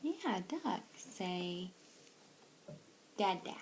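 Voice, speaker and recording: A young woman, a mother, coaxing her baby to talk in soft, sing-song baby talk on a home video. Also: mid-range voice, very animated, extremely slow, slight background noise.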